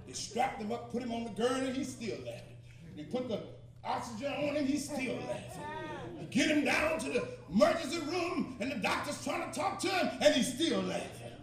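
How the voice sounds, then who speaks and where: A man's voice: extremely high pitch, animated, moderate pace. A man preaching in a storytelling sermon, repetitive and rousing, with laughter and calls to the congregation. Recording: echoey hall, mic far off, congregation.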